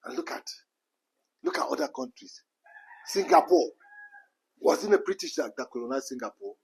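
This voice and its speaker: A man's voice: fairly high pitch, huge pitch swings, moderate pace, gravelly, slight background noise, low-quality recording. A Nigerian man giving an impassioned rant, full of repeated phrases and rhetorical questions. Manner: repetitive, rhetorical questions, emphatic.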